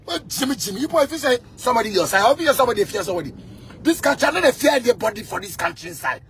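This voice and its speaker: A man with a Ghanaian accent delivering a heated rant, repeating himself and bursting into shouts. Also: sits high, lively intonation, very fast, breathy edge. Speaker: musician.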